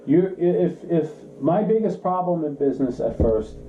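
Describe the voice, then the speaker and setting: A man's voice: fairly high pitch, moderate pace, a little hiss or hum. A man co-hosting a podcast, chatting casually and acting out quotes as he tells stories. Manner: animated storyteller, acts out quotes. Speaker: podcast co-host, car shop owner. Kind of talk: casual chat, storytelling. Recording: roomy, slightly dull sound.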